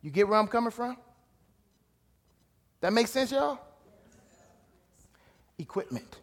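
A man preaching a sermon, casual and direct, dropping to low asides and rising to shouted emphasis. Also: expressive, takes it slowly, long pauses. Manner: casual, calls out to listeners. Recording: long hall reverb.

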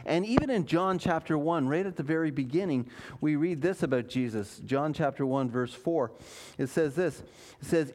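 A man, preaching a sermon as a pastor in a conversational way, with fillers and dramatic pauses. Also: on the high side, lively intonation, darkish tone.

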